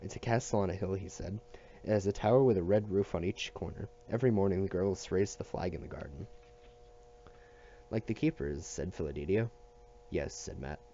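A man reading a novel aloud at a steady pace, with small restarts and slips. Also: sits low, highs cut off, a little hiss or hum. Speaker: audiobook reader.

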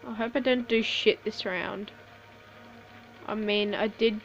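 A woman giving casual live commentary over a shooter game, swearing a lot, laughing often and reacting excitably. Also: medium pitch, a little slow, pauses often, highs cut off, a little hiss or hum. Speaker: gameplay commentator.

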